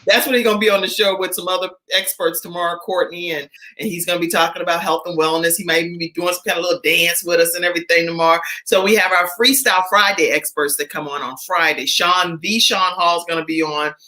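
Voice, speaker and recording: A woman's voice: lowish voice, steady tone, fast, few pauses, pushed and bright. A woman hosting a live online show, chatty and upbeat as she reads sponsor messages. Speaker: show host.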